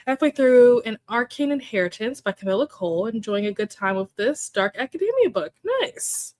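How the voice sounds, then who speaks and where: Young woman, stream host, bright higher voice, chatty and quick to laugh, dry close sound. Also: sing-song, no echo. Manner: chatty, laughs often, greets viewers by name. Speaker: livestream host. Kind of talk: casual chat with live chat readers.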